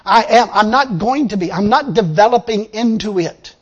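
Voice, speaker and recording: A man preaching a lively sermon to a responding congregation, laughing often and acting out the people he quotes. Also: high voice, moderate pace, breathy edge, highs cut off. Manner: animated, laughing, acts out quotes. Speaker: pastor.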